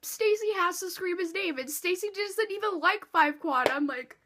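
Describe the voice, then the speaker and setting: A woman vlogger telling a storytime in an animated way, swearing freely and acting out quotes. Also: very high-pitched, moderate pace, background noise. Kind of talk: storytime vlog.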